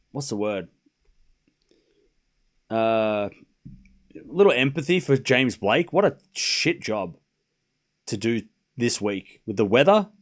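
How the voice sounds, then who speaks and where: A man hosting a live tennis watchalong stream, calling scores casually between chatty, laughing asides, swearing freely. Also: medium pitch. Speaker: stream host. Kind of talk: live sports watchalong commentary.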